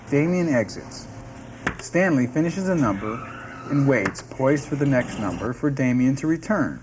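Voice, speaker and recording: A man narrating the stage directions of a sitcom script in a steady, descriptive reading. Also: medium pitch, a little slow, background noise. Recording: music playing underneath.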